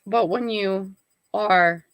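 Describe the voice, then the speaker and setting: A woman's voice: medium pitch, extremely slow, clean tone, no room sound, poor audio. An older woman hosting her own live stream, chatting casually to viewers and often checking in with "right?" and "okay?". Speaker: channel host.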